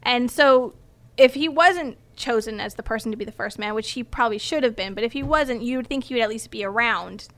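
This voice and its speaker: A woman with a slightly high voice talks through a story in casual podcast chat. She explains step by step, full of ums and little restarts as she goes. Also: a little fast, a bit bright. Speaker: podcast co-host presenting the story.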